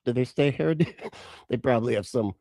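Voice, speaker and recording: A man hosting a live reaction stream in loose, casual chat. He talks sarcastically, laughing and swearing often. His voice is mid-pitched and sounds dry and close. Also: a little fast, creaky, warm tone, no room sound.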